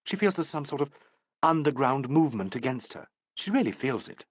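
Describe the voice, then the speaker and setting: A man's voice: medium pitch, lively intonation, fairly quick, breathy edge, dry recording. A man voicing an earnest young woman understudy. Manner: pleading, apologetic.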